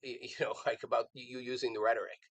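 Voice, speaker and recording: A man talks earnestly through political commentary on a live show. His voice sits at an ordinary middle pitch, and he rambles, restarting sentences and repeating words as he thinks aloud. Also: level tone, very fast, a bit bright, no room sound, low-quality recording.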